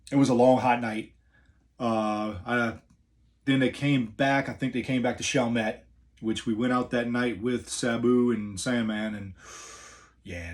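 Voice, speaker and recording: A middle-aged man from the New Orleans area with a New Orleans accent, a wrestler telling a story in a laid-back, rambling way with many fillers. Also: medium pitch. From New Orleans area, USA. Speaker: professional wrestler. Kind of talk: casual storytelling.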